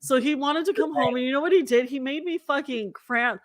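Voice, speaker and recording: A woman in her forties with a fairly high voice, telling a story in a casual chat. She is animated and profane, and she quotes herself and others as she goes. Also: brisk, no room sound, clean studio sound. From Southern California. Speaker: podcast host.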